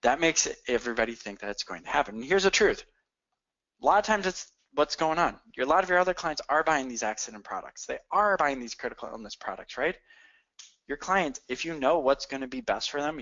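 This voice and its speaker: A man leads a sales training session and speaks straight to his listeners. He talks quickly with lots of punchy energy. The audio sounds dull and lo-fi. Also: mid-range voice. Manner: energetic, coaching, addresses listeners directly.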